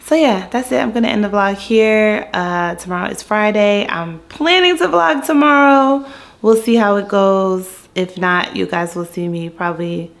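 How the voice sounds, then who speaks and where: Candid, chatty woman from Philly; casual vlog to camera, mid pitch. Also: moderate pace, creaky. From Philadelphia. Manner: chatty, candid, playful quoting voices. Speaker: vlogger.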